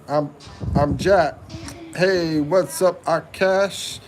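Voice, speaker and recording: A man's voice: on the high side, unhurried, long pauses, a little mellow, slight background noise. A man in his fifties from the United States, hosting a casual livestream and joking with viewers as he reads their comments aloud. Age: 50s. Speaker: livestream host.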